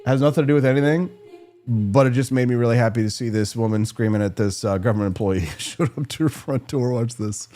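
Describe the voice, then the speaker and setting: A man's voice: medium pitch, quick pace, warm tone, faint music behind. A man hosting a political talk show, delivering a sarcastic, jokey monologue. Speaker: radio show host.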